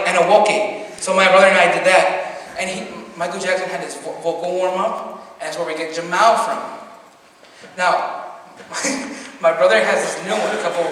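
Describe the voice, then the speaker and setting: Giggly teen comic in an echoey hall. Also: male voice, sits high, pushed and bright. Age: teens. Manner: rambling, giggly storytelling with many ums. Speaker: stand-up comedian. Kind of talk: stand-up comedy set. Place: school auditorium. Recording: echoey hall from far off, faint noise.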